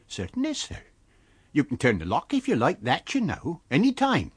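A man's voice: a little high, wildly swooping pitch, normal speed, breathy edge, dry recording, pitched above the performer's own voice, heavily acted. A man voicing a resolute, middle-aged village innkeeper woman who speaks with prim, deferential politeness.

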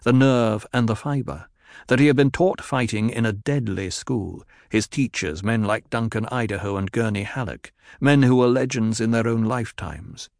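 A male narrator reads an audiobook in a steady, even manner. His voice sits at a middle pitch, recorded dry and close with no room echo. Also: moderate pace, vocal fry.

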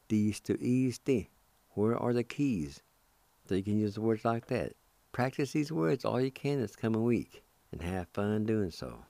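A man's voice: on the low side, vocal fry, mellow, no room sound. A man hosting a radio language lesson, patiently spelling words out letter by letter and repeating them. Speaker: radio host teaching Cherokee.

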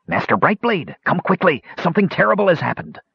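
A man voicing a shrill, panicked gnome. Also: huge pitch swings, a little fast, gravelly, husky, no room sound, full character voice. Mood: alarmed. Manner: shrill and urgent. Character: excitable male gnome servant. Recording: slightly dull lo-fi recording.

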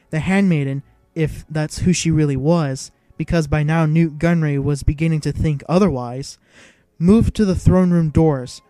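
A male audiobook narrator telling the story in a measured, even way. His voice is warm and mellow and sits a little high for a man. It sounds dry and close to the mic, with faint music underneath. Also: no room sound.

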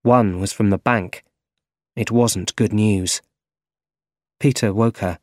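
A man narrating an easy-English story for learners, reading clearly and carefully. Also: fairly low pitch, fairly even intonation, slow pace, a little mellow, dry recording, studio quality. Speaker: audiobook narrator.

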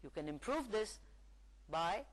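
A woman lecturer giving a recorded English lesson, reading example sentences aloud in a slow, deliberate way. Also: medium pitch, big pitch swings, poor audio. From Pakistan.

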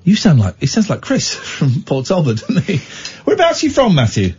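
A man's voice: fairly high pitch, wildly swooping pitch, a little fast, darkish tone, slight background noise. A man hosting a late-night radio phone-in, talking bluntly and jokily, often rambling and restarting. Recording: dull lo-fi radio broadcast.

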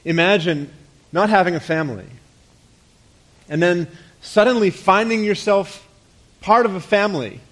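A pastor preaching a conversational sermon, asking rhetorical questions and letting his voice drop softly at the ends of phrases. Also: sits high, moderate pace, pauses often.

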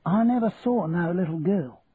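Man putting on a soft older wife's voice. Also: sits high, lively intonation, normal speed, pitched above the performer's own voice. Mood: hushed. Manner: raised and soft-spoken. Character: timid older wife, humble and kindly. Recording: tinny lo-fi radio recording, faint hiss.

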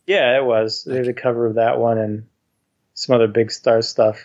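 A man co-hosting a podcast answers in short, flat, deadpan lines. His pitch is ordinary for a man. The recording is a little muffled and dull, as if the highs were rolled off. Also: moderate pace. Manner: deadpan, short dry replies. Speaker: podcast co-host. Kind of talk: casual podcast chat.

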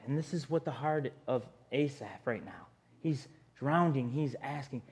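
A man's voice: mid-range voice, normal speed, darkish tone. A man preaching a sermon in an earnest, conversational way, often speaking straight to his listeners.

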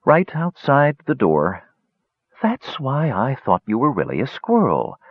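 A man's voice: mid-range voice, wildly swooping pitch, unhurried, breathy edge, no echo, lo-fi sound, pitched above the performer's own voice, heavily acted. A man voicing a confused, sleepy young male squirrel who talks in a plaintive, drowsy way.

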